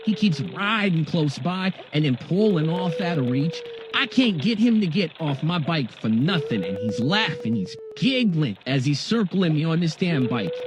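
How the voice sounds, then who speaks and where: Animated, high-voiced slangy storyteller man. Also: background noise. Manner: slangy, profane, joking asides. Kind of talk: casual comedic storytelling.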